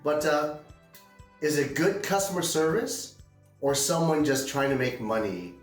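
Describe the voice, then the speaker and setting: A man's voice: a little high, measured pace, distant mic. A man hosting a casual beer-review show, talking in a goofy, rambling way. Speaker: podcast host. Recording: roomy, off-mic, faint music.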